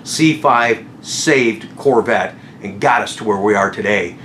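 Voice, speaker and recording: A middle-aged man telling stories about his car sales career in a casual vlog, excited, often laughing and acting out what people said. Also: lowish voice, a little slow, reverberant, slight background noise. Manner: excitable, laughing, acts out quotes. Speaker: car salesman and channel host.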